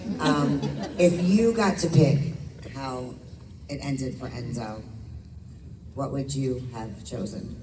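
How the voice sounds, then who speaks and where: A woman's voice: very deep voice, slow pace, pauses often. A woman fan asking a question in a hesitant, emotional way. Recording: echoey hall, distant mic, noisy crowd.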